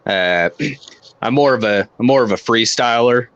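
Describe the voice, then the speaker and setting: A man from Illinois with a mild East Tennessee Southern accent, an easygoing guest on a video call who pauses with fillers. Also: medium pitch, a bit bright, no room sound, muffled recording. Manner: easygoing, laughs lightly, hesitant fillers. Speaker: guest caller. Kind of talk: casual chat.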